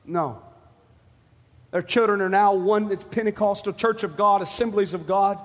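A man preaching a fiery sermon, impassioned and pleading, rising at times to shouts. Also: high voice, normal speed, big-room sound.

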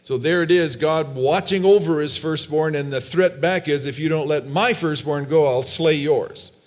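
A man's voice: a little high, moderate pace. A man preaching a sermon, reading Bible verses aloud and explaining them loosely with restarts. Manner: reads Bible verses aloud and briefly acts out characters' lines.

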